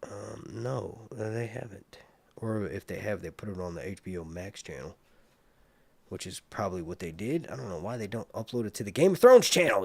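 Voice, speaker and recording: A man hosting a casual livestream, rambling and animated, with muttered asides to himself. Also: fairly low pitch, normal speed, creaky, slightly rough, no room sound, studio quality. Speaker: livestream host reviewing a TV series.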